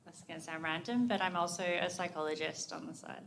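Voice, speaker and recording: A woman in a live audience, answering the host quietly in short replies. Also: on the low side, a little fast, a little hiss or hum. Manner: quiet, soft-spoken, brief replies. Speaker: audience member, lawyer.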